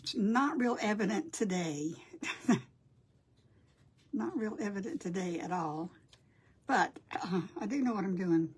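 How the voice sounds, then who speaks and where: A woman's voice: medium pitch, expressive, measured pace, pauses often, breathy edge. Flustered older woman livestreaming. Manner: flustered, apologetic, chatty, greets viewers by name. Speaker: crafting livestream host. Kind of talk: casual livestream chat.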